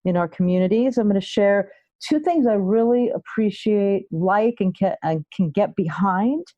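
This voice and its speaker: A middle-aged woman hosting a podcast episode as a health coach, speaking in an unhurried, deliberate way. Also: medium pitch, dark tone, no echo, dull audio. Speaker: guest host, health psychology coach. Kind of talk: podcast monologue.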